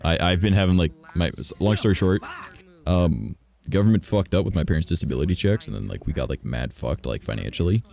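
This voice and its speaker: A man talking casually on a live stream, excitable and swearing a lot, into a headset mic. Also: sits low, fairly quick, creaky.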